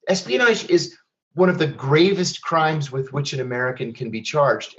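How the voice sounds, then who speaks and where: Measured man telling a story, dull audio. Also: medium pitch. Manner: measured, deliberate storytelling with wry asides. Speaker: speaker at a public event. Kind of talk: storytelling speech.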